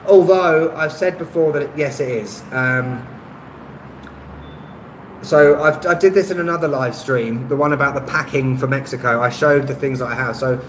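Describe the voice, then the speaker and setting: A man hosts a casual live-stream chat, answering viewers' comments in a rambling, hesitant way, with lots of ums and self-deprecating asides. He speaks at medium pitch and moderate pace into a phone on a stabilizer; the rough recording is reverberant, with a little hiss or hum.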